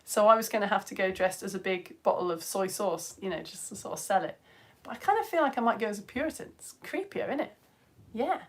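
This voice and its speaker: A woman in her thirties hosts a live children's science stream, talking fast in a mid-range voice. Bubbly and animated, she reads out viewer comments as she chats.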